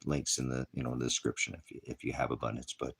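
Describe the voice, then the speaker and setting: A man's voice: rumbling low, monotone, fast talker, vocal fry, fairly bright tone, husky. A middle-aged man, a pastor of an online ministry, giving a rambling, impassioned casual sermon. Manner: rambling and impassioned, mocks with put-on voices.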